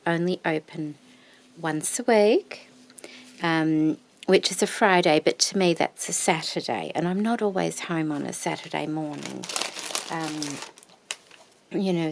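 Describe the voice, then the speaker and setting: A woman with a low, gravelly voice takes her time over each word. She talks through her craft haul in a relaxed show-and-tell, fondly admiring every piece and often slipping into a hushed whisper. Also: measured pace. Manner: gushing and admiring, often sinking to a soft whisper. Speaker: craft vlogger.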